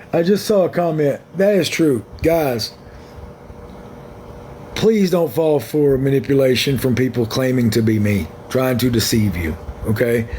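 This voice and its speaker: A man's voice: mid-range voice, a little mellow, slight background noise. A man hosting his own livestream, talking in a blunt, frank and rambling way to viewers on a phone. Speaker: livestream host. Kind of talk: casual livestream chat.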